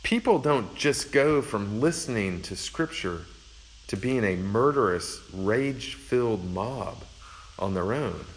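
Low-voiced, conversational male preacher. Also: lively intonation, slow. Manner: conversational, reflective, with many fillers. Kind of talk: sermon, Bible teaching.

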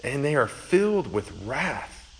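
A man's voice: mid-range voice, sing-song, a little slow, a bit bright, slightly rough, poor audio. A man giving a conversational sermon, explaining a passage verse by verse with earnest asides. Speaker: pastor.

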